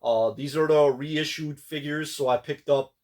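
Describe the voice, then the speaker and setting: A man's voice: fairly high pitch, fairly even intonation, a little slow, a little mellow. A man chatting casually about his collectible pickups, rambling with many fillers and restarts. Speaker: collector vlogger.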